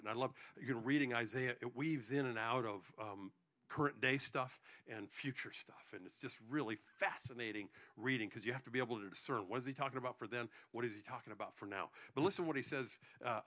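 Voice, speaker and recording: A man's voice: mid-range voice, fairly bright tone. A male pastor preaching a sermon to his congregation, joking between points and often restarting his sentences.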